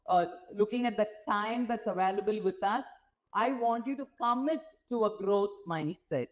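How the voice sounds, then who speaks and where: A woman's voice: mid-range voice, rough recording. A woman giving an interactive motivational talk to nurses from a stage, often asking the audience questions. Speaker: guest speaker. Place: symposium stage before an audience.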